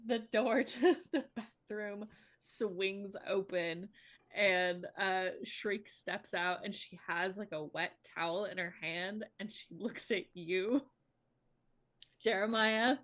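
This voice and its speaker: A woman's voice: mid-range voice, takes it slowly, fairly bright tone. A woman playing a tabletop role-playing game, casually describing actions and laughing often.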